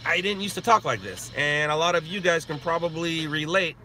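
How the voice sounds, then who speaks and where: A man from Southern California, streaming live and chatting with viewers, talking slowly and carefully. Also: on the high side, sharp tone, slight background noise. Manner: slow, deliberate talk, reads and answers viewer chat. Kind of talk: casual live stream chat.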